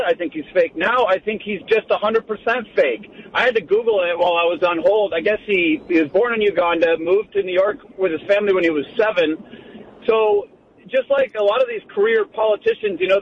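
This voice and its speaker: Caller guy, pretty high voice, blunt opinions, muffled line, faint car noise behind. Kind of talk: call-in radio chat.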